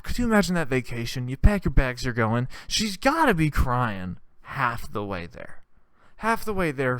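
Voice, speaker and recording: A man's voice: mid-range voice, smooth, no room sound, studio quality. A man hosting a comedy podcast, telling a crude, rambling comic story. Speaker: podcast host. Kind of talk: comedic monologue.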